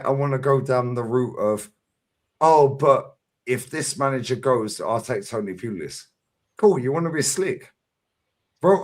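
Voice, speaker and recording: A middle-aged fan-channel streamer is mid-rant in a livestream debate, his pitch swinging widely as he argues. He punches out each point emphatically and tags it with a pushy "yeah?", relentless and combative throughout. His tone is fairly bright.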